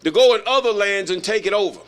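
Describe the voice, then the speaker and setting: A man's voice: high voice, animated, fast talker. A man leading an informal Bible study, reading verses aloud and then commenting on them in a folksy, emphatic way. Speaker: Bible teacher.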